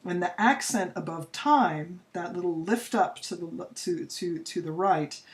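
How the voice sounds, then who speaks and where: A woman's voice: fairly low pitch, unhurried. A woman teacher explaining poetry to her students in a recorded lesson, chatty and unscripted, exaggerating the rhythm when she reads verse aloud. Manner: uses fillers and restarts, chatty.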